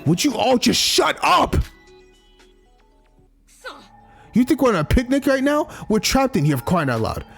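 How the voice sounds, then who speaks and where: A man reading game dialogue aloud, voicing a furious young male student who rants loudly at everyone in exasperation. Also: extremely high pitch, sing-song, fairly quick, vocal fry, faint music behind, pitched above the performer's own voice, heavily acted. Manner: loud, exasperated ranting.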